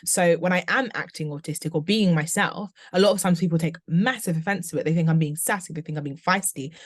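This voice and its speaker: Female guest in her 20s, lowish voice, rapid candid chatter, dry close sound. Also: no room sound. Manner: talks in long candid runs with many "like"s. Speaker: podcast guest. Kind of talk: casual conversation.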